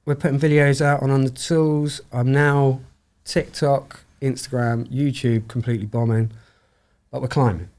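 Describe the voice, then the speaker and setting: A middle-aged man talks through his story as a podcast guest, chatty and easy-going. He keeps slipping into little acted bits of dialogue, and his voice sits at an ordinary mid pitch. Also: normal speed. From United Kingdom. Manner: chatty, acts out quoted dialogue with lively voice shifts. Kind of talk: casual storytelling interview.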